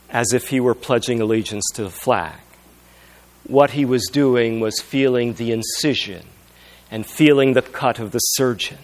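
A man preaching a sermon, moving between loud, emphatic passages and hushed, intimate storytelling. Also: medium pitch, a little hiss or hum.

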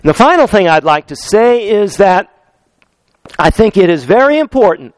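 Male preacher, high and very lively voice, dry close sound, repeats lines for weight. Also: no room sound. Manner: unhurried, repeats key phrases for emphasis; addresses congregation directly. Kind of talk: sermon.

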